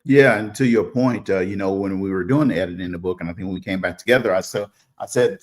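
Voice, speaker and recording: A man from Louisiana co-hosting a casual livestream chat over a video call, relaxed and talking with fillers. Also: medium pitch, fast, few pauses. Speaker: co-host and co-author.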